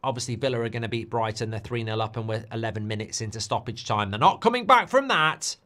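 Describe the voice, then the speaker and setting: A man hosting a live football watchalong, chatty and animated, with quick asides about the scores. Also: mid-range voice. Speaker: host.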